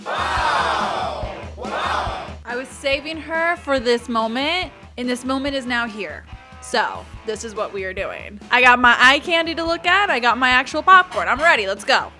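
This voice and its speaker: Bright, animated woman gushing over a movie. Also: high-pitched, normal speed, faint music behind, a faint crowd. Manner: gushing, excitable, laughs often. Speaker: host. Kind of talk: movie reaction commentary.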